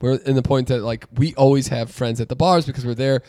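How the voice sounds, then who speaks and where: Casting: man, mid-pitch, animated co-host who swears and flares up mid-story, dry close mic. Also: fairly quick, no echo. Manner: animated, swears, voice jumps up when riled. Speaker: podcast co-host. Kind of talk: casual chat.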